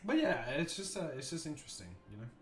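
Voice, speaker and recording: A man hosting a livestream, chatting casually and thinking out loud, restarting his sentences often. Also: a little high, wildly swooping pitch, fast. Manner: rambling, thoughtful, many restarts and fillers. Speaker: livestream host. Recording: roomy echo, faint music behind.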